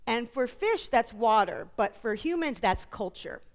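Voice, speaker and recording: Animated New woman telling stories. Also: a little high. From New York, USA. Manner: animated storyteller, quick asides and jokes. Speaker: author and psychologist guest. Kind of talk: conference interview talk. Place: conference stage.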